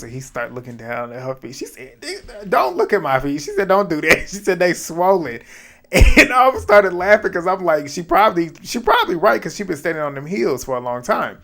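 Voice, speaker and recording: A man casually recapping a dating show, chatty and quick to laugh at his own asides. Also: on the high side, fairly bright tone. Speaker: reality TV recap host.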